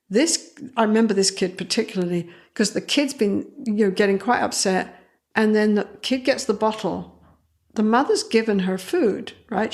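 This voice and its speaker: A woman psychologist explains things through vivid stories in a relaxed interview. She talks with energy, slips into other people's voices to act out scenes, and laughs easily. Her pitch sits in an ordinary middle range for a woman. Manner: animated, acts out quoted voices, laughs often. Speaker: clinical psychologist guest. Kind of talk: conversational interview storytelling.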